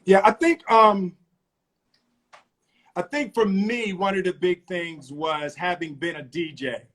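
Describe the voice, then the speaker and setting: A middle-aged man from Philadelphia, a guest telling animated stories over a casual live video call and laughing often. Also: sits high, slow.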